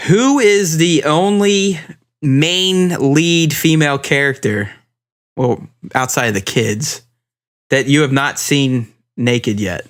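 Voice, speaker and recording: A man's voice: fairly high pitch, takes it slowly. A man co-hosting a casual podcast chat, easygoing and casual, steering topics and swearing offhand. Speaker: podcast co-host.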